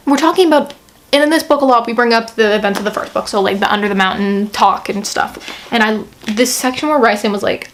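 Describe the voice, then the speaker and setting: A woman's voice: a little high, fast talker. A young woman talking casually to the camera as she reviews a book, chatty and gushing, with lots of fillers and playful mock-quotes.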